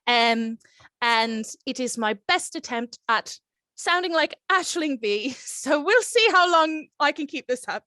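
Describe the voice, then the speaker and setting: A woman game master describing scenes in a relaxed, meandering way, her voice pitched fairly high. The sound is close and dry, as from a home call setup. She mixes hasty asides with scene description. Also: moderate pace, no echo. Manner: casual, rambling descriptions with fillers. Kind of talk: narrating a tabletop game.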